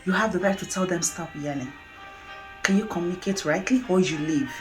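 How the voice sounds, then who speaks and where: A woman's voice: lowish voice, fast, over music. A middle-aged woman from Nigeria with a Nigerian accent, talking candidly in a casual video monologue, laughing often. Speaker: vlogger.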